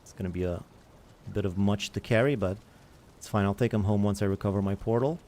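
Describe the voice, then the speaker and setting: Playing a survival game, this streamer rambles, pokes fun at himself, and replies to chat in a brisk, dark-toned voice pitched fairly low. It's loose let's-play commentary.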